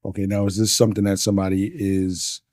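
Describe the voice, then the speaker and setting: A man hosting a podcast, cutting in with short questions to get terms cleared up. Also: fairly low pitch, flat delivery, fast talker, a little mellow, no echo, clean studio sound. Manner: asks short clarifying questions. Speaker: podcast host. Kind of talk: interviewing.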